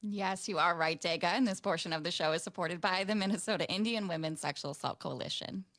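A woman with a fairly low voice co-hosts a radio talk show. She chimes in with quick, supportive remarks and reads out announcements. Her voice is close and dry. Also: a bit bright, no room sound. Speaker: radio co-host. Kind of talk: casual radio chat.

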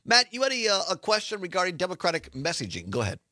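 A man hosting a talk radio show, briskly moderating the panel and taking calls. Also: high voice, wildly swooping pitch, sharp tone, dry recording, studio quality.

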